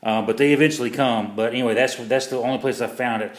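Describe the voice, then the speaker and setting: A man's voice: mid-range voice, steady tone, fast talker, roomy sound. A man reviewing a pocket knife in a casual vlog, rambling and self-deprecating, with lots of fillers and restarts.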